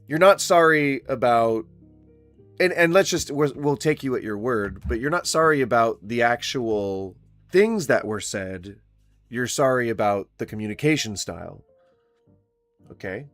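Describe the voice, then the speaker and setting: A man's voice: mid-range voice, animated, a little slow, fairly bright tone, faint music behind. Profane, mocking male commentator. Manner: profane, mocking, laughing often. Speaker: commentary YouTuber. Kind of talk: reaction commentary. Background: faint smooth jazz.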